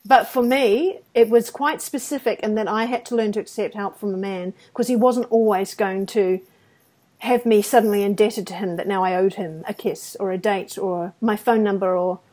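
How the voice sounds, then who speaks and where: Speaking at a moderate pace in a mid-range voice, a woman co-hosts a podcast and tells personal anecdotes in a casual way. The stories are lively, featuring acted-out quotes and self-deprecating laughter.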